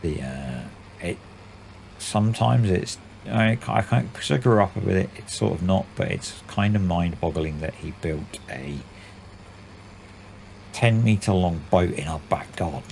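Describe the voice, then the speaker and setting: A man in his forties talks through a game session in a loose, rambling way, in a deep voice with a gravelly edge. He calls his own delivery usually monotone. Faint background noise sits under the recording. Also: unhurried. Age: 40s. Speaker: gaming channel host. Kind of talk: casual let's-play commentary.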